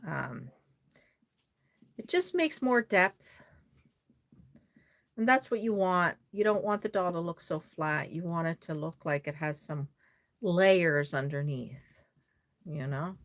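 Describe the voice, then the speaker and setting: A woman's voice: lowish voice, expressive, slow pace, pauses often. A woman from Nova Scotia, chatting casually on a live stream, rambling and reading out viewer comments as she works on a doll. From Nova Scotia, Canada.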